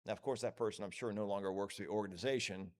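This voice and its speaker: A man presents at a professional conference in an easy, joking way. He wanders off into asides and plays out the voices of the people he talks about. He sounds lively and off the cuff rather than read from a script. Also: fairly low pitch, rapid-fire. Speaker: conference speaker. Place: conference hall.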